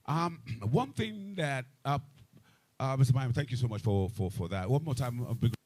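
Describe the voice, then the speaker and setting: A man moderating a live panel, emphatic and repetitive, growing loud and animated, speaking into a microphone. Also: medium pitch, moderate pace. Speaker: event moderator. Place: event hall with a microphone. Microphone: handheld event microphone.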